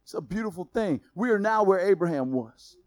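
A man with a high voice preaching a relaxed, conversational sermon. He jokes and laughs between points, then drops to a hushed, intense tone. The sound is dry and close, with no room echo. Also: brisk. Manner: swings from loud emphasis to quiet intensity. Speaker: pastor.

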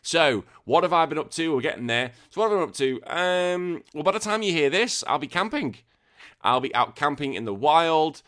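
This man's voice is fairly high and bright, with lively intonation at a normal pace. Hosting a podcast, he talks in a loose, rambling way, cracking jokes, going off on tangents, and swearing frequently.

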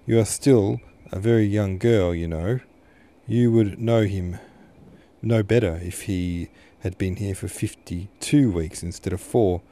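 A man reads as a patient, tender father, close to the reader's own low, dark voice. The tone stays calm and reassuring. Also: a little slow.

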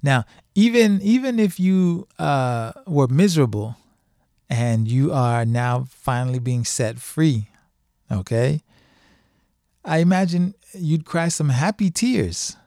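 A man's voice: fairly high pitch, lively intonation, slow pace, warm tone, dry recording, studio quality. A middle-aged man speaking in a casual, emphatic monologue, repeating phrases for stress as a podcast host.

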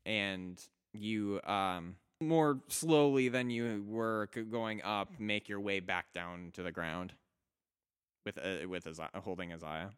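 Slow, smooth-voiced young male game master. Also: fairly low pitch, steady tone. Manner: halting, many fillers and restarts. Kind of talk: narrating a tabletop game.

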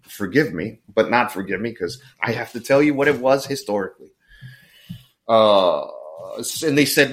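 A middle-aged man, a podcast guest, telling stories in an animated, joking way with apologetic asides. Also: medium pitch, a little fast. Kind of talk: casual storytelling chat.

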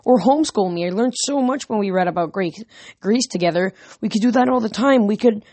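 A woman's voice: fairly low pitch, expressive, moderate pace, a little mellow, no room sound. A woman reading the part of a hurt, angry teenage girl who pleads emotionally, recorded dry and close. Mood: upset. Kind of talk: audiobook character reading.

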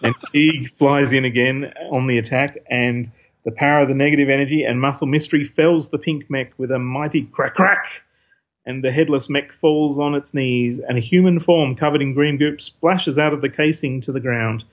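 Husky-voiced man recapping comics. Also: mid-range voice, steady tone, normal speed. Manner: rambling, many fillers, reads quotes aloud. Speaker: podcast host reviewing comics. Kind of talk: casual recap of a comic issue. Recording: dull lo-fi recording.

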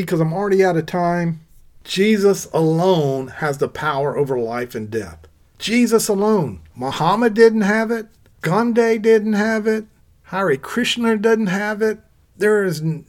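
A man with a noticeably high voice delivers an earnest sermon. He walks through scripture verse by verse, lifting his pitch to press his points home. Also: a little mellow. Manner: earnest, scripture-quoting, rises in pitch for emphasis. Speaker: preacher.

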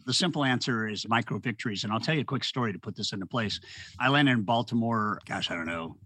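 A middle-aged man, an author and speaker, telling stories in an animated, conversational way and acting out the people he quotes. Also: lowish voice, quick pace, no echo. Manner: animated storyteller, acts out quoted voices. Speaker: podcast guest. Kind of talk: storytelling conversation.

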